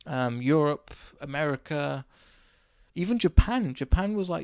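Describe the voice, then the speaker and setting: A hoarse man from England chats alone into a close podcast mic, his slightly raised voice rough with gravel. He rambles through an animated anecdote, his voice worn thin. The sound is dry and close, with no room around it. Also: a little high, unhurried, dry recording. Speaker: podcast host. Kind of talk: casual solo podcast storytelling.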